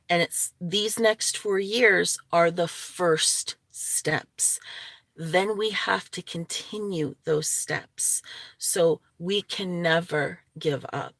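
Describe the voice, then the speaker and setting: A woman vlogger talks to her viewers in an unhurried, chatty way, opinionated and often breaking into laughter. Her voice sits a little low for a woman. The sound is close and dry, with no room around it. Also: a bit bright, dry recording. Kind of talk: casual talking-head vlog.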